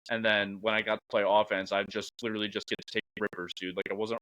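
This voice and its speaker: A young man co-hosting a podcast, chatting in a relaxed, profane way and saying "dude" often. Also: fairly low pitch, fast, dry recording, poor audio. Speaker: podcast co-host. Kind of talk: casual chat.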